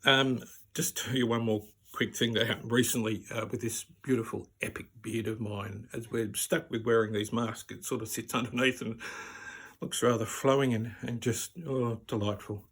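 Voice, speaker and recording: A man, telling stand-up stories in an animated way that climbs almost to shouting. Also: medium pitch, normal speed, breathy edge. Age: 40s. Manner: animated, rising to near-shouting at the punchlines. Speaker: stand-up comedian. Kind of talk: stand-up storytelling.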